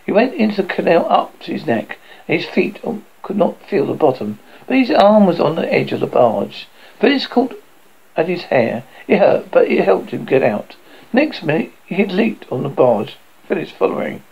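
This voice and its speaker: A man narrating a novel aloud, stumbling over words and correcting himself as he goes. His voice is gravelly and husky, with lively pitch. The recording is dull and lo-fi. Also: moderate pace. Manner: stumbling, self-correcting reading.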